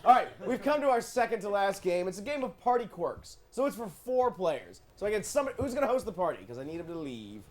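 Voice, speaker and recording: A man's voice: high-pitched, quick pace, few pauses. A man hosting a live improv comedy show, joking and laughing as he sets up the games. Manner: joking, animated, laughing often.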